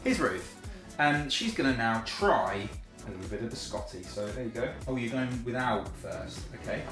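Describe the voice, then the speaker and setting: A man's voice: medium pitch, animated, normal speed, roomy sound, music in the background. A chatty, self-deprecating man, hosting a casual cooking video in his home kitchen.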